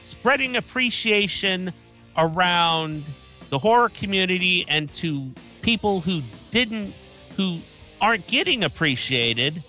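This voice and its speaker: A man's voice: high-pitched, animated, takes it slowly, sharp tone, soft background music. A man on a podcast earnestly explaining an idea in casual chat.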